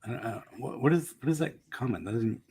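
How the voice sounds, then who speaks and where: A man's voice: mid-range voice, quick pace, darkish tone, husky, no room sound. A man building a sign live while chatting, dropping wry, understated comments. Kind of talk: casual chat while working.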